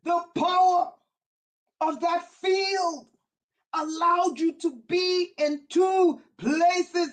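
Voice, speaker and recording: A woman with a very high voice preaches fervently on a livestream, her words drawn out slowly. She builds in repetitive waves and breaks into yelling as she goes. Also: fairly even intonation, poor audio. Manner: impassioned, often yelling, repetitive preaching cadence. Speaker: spiritual teacher on a livestream. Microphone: livestream setup.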